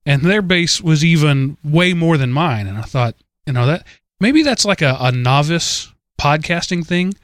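A man with a Southern US accent hosts a casual podcast, rambling along in a stream of consciousness and poking fun at himself. His voice sits a little high. The sound is dry, with no room around it. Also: no room sound. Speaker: podcast host.

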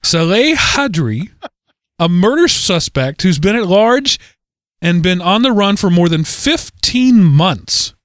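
A man co-hosting a podcast, casually retelling odd news stories in an animated way, often correcting himself mid-sentence. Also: sits high, slow pace, no echo, studio quality. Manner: animated, self-correcting storyteller. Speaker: podcast co-host.

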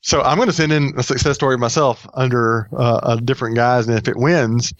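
A man's voice: medium pitch, fairly even intonation, a little fast, no echo, dull audio. Chatty male podcast host. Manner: rambling, jokey, many fillers. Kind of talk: casual podcast chat.

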